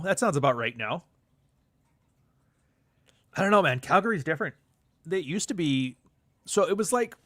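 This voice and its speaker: A man's voice: medium pitch, fairly bright tone, no echo. A man from Canada talking on his livestream in a loose, rambling way, swearing freely and reacting to chat comments. His voice sits mid-range for a man, recorded close with a dry, roomless sound. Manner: rambling, profane, reads chat aloud. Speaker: livestream host.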